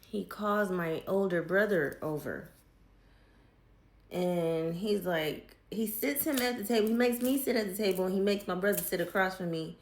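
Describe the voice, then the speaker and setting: Woman, telling her story, low-ish pitch, echoey room. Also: moderate pace. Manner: candid, swears freely, acts out quoted family voices. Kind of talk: casual storytelling.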